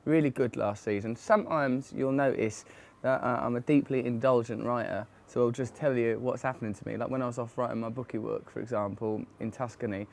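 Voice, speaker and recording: A man in his thirties giving a playful, rambling comic monologue in a garden, self-mocking and flamboyant, with bursts of shouting. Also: medium pitch. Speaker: comedian promoting his book. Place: garden, outdoors.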